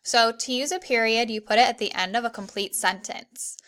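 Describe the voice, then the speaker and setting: A young woman teaching an online grammar lesson to children, clear and encouraging, reading the examples slowly. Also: fairly high pitch, fairly bright tone.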